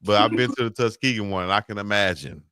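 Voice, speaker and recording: A man co-hosting a casual live stream, telling animated stories about himself and laughing through his own words. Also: lowish voice, quick pace, clean tone, no echo, studio quality. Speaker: podcast co-host.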